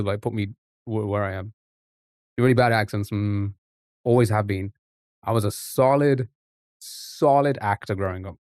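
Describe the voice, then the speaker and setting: A man's voice: fairly low pitch, a little mellow, no room sound, studio quality. A man chatting casually on a live game stream, rambling and tripping over his words.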